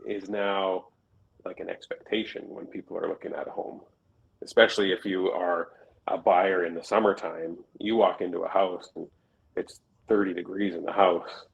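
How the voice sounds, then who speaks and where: A man's voice: low-pitched, flat delivery, normal speed, creaky, dull audio. A man co-hosting a podcast as a realtor, explaining things conversationally with everyday examples. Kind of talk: casual chat.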